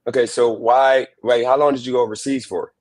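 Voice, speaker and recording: A man's voice: medium pitch, fairly even intonation, brisk, darkish tone, poor audio. A man hosting a livestream interview, asking questions in an easygoing, meandering way full of ums.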